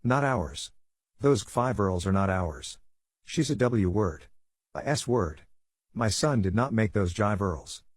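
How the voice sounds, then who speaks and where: A man's voice: lowish voice, lively intonation, slow pace, no echo, studio quality. A man voicing a spiteful older mother-in-law in a bedtime story, accusing and scornful.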